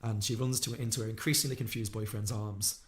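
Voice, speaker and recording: A man on a podcast, retelling a film plot quickly and acting out the characters' lines. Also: on the low side, fairly even intonation. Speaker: podcast co-host. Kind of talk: casual film podcast recap.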